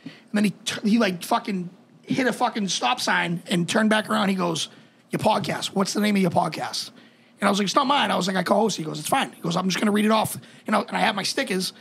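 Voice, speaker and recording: A man co-hosting a podcast, chatting casually with quick stammering restarts and lots of swearing. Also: high-pitched, vocal fry, fairly bright tone, husky. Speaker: podcast co-host. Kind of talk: casual chat.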